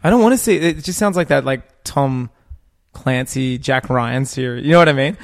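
A man co-hosting a podcast in casual chat, joking and swearing, quick to laugh. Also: mid-range voice, creaky. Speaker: podcast co-host.

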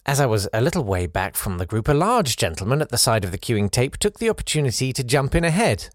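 Podcast host reading a listener's story, lively delivery with playful asides, dry close mic. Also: male voice, medium pitch, fast, no room sound. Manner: animated, playful asides between read passages.

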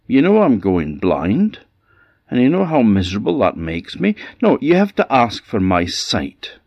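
A man's voice: medium pitch, huge pitch swings, unhurried, dry recording, muffled recording, pitched above the performer's own voice, full character voice. A man with a Scottish accent voicing an old mother going blind who pleads and complains. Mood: pleading.

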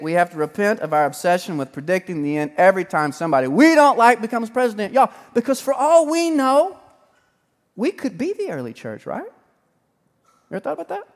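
Animated pastor in an echoing hall. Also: male voice, sits high. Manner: lively, joking, swings between loud and hushed. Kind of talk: sermon. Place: large church hall. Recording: sermon in a reverberant church hall.

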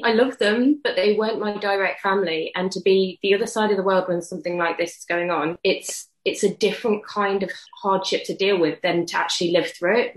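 A woman co-hosting an interview, speaking with warm, effusive praise for her guest. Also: medium pitch, roomy sound, rough recording. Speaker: podcast co-host. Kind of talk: interview conversation.

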